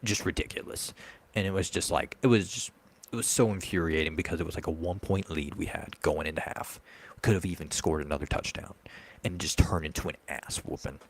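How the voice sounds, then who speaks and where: Deep gravelly ranting man. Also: brisk. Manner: heated, ranting fan. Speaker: podcast co-host. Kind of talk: casual sports chat.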